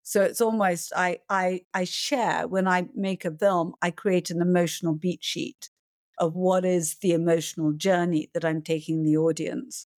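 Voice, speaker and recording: Low-voiced calm woman filmmaker. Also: moderate pace, no room sound, clean studio sound. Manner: calm, reflective, acts out panicked voices. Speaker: film producer and director, guest. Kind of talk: podcast interview answers.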